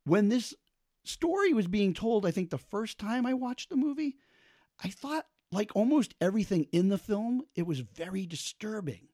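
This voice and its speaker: Animated man telling a film story. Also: high-pitched, normal speed, no room sound, clean studio sound. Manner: animated, acts out quotes, many fillers. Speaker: podcast host. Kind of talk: casual storytelling about films.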